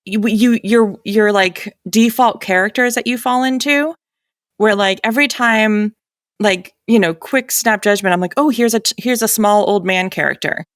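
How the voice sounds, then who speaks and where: A woman's voice: mid-range voice, moderate pace, dry recording, clean studio sound. A woman audiobook narrator from New England with a light New England accent, chatting casually on a panel with many fillers and frequent laughs.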